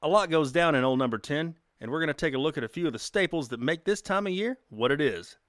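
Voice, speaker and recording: A man's voice: fairly high pitch, expressive, fast talker, fairly bright tone, no room sound, clean studio sound. A man co-hosting a casual chat show, joking and laughing often. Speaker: podcast co-host.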